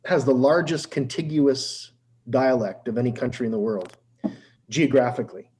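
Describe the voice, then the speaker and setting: A Canadian man with a mid-pitched, everyday voice hosts a relaxed conversation. He keeps asking curious follow-up questions in an easygoing, informal way. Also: normal speed, slight background noise. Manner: curious, asks lots of questions. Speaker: channel host. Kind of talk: casual chat.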